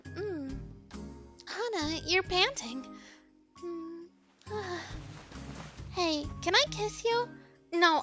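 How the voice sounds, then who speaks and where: A breathy, very high teenage girl from a visual novel teases in a slow, hushed whispered role-play, as a woman puts her on. She sounds bright and coaxing, and quiet music plays beneath her. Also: full character voice.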